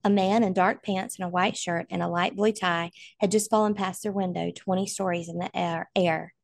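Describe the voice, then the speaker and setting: A woman's voice: lowish voice, steady tone, moderate pace, vocal fry, dry recording. A woman narrating a novel aloud in an earnest, emotional way. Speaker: audiobook reader.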